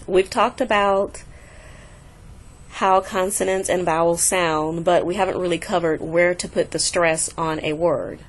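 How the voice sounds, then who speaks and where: A woman teaching a recorded language lesson, patiently repeating example words slowly to show the stress. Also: on the low side. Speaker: Spanish teacher.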